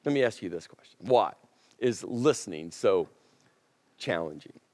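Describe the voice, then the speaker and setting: Animated preaching man, dry sound. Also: sits low, moderate pace, dry recording. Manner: conversational, animated, acts out quotes. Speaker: pastor. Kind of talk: sermon.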